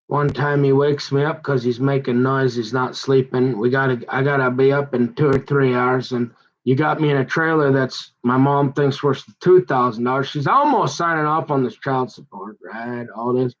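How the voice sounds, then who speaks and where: A man telling a long personal grievance in a rambling, halting way, often restarting his sentences and growing heated as he goes. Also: mid-range voice, lo-fi sound. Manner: aggrieved, heated. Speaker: son recounting a family conflict.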